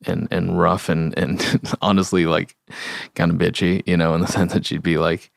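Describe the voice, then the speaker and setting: A young adult man hosting a podcast, talking in an earnest, heartfelt and halting way. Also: low voice, little pitch movement, vocal fry, no echo, studio quality. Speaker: podcast host. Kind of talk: solo reflective podcast talk.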